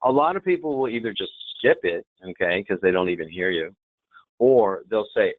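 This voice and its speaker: A man presenting a hospitality training webinar, demonstrative and lively, often checking in with the audience. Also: lowish voice, moderate pace, no echo. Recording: tinny phone-like webinar audio.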